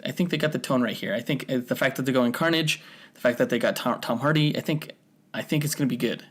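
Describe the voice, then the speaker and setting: Man, young adult, mid-pitched voice, relaxed podcast chat. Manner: relaxed, conversational, leads the topics. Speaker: podcast co-host.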